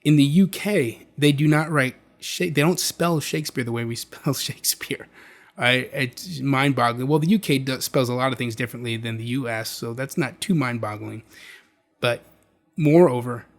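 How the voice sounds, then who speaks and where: A man's voice: mid-range voice, moderate pace. A man hosting a video, explaining in a casual, conversational way with frequent restarts. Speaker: video host.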